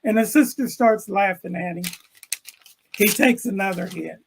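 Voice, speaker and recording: An older man, an educator, telling a classroom story with animated delivery and acting out the characters' lines over a video call. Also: sits high, moderate pace, creaky, a little hiss or hum, rough recording. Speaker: interview guest, educator. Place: room with bookshelves.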